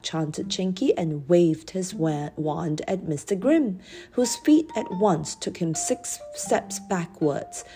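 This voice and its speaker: A woman reads a children's story aloud in a gentle, expressive way. Her voice is mellow and sits a little low. Soft music plays faintly behind her. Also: slow pace, slightly rough. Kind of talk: children's audiobook narration.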